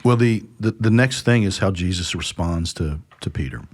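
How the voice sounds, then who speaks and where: Low-voiced man animatedly retelling scripture. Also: moderate pace. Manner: animated retelling, acts out dialogue with lively pitch jumps. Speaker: church podcast host. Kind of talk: conversational Bible discussion.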